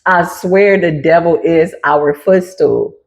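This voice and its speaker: A woman with a lowish, slow voice gives her viewers a casual, playful tarot reading directly. She laughs a lot and talks in slang.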